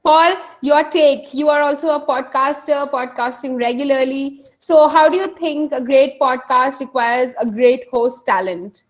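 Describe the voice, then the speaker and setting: Woman, high pitch, panel moderator, affirming, repeats herself. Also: fairly even intonation, a little slow, hardly any pauses. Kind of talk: moderating an online session.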